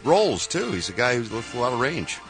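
A man's voice: mid-range voice, very animated, brisk, fairly bright tone, faint music behind. A man giving a light, playful showbiz news segment on a morning radio show, slipping into a mock-formal tone. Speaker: entertainment news reporter.

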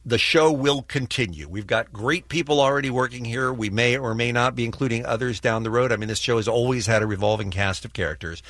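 A middle-aged American man co-hosting a morning radio show, speaking earnestly and heartfelt with halting restarts. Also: medium pitch, a bit bright, no room sound.

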